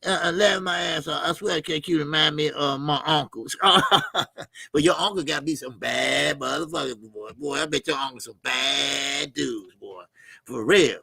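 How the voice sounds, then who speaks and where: A man's voice: on the high side, normal speed, vocal fry, sharp tone, breathy edge, no echo, studio quality. A middle-aged man hosts a casual boxing livestream. He talks loose and profane, laughs a lot and reads out viewer comments and donations.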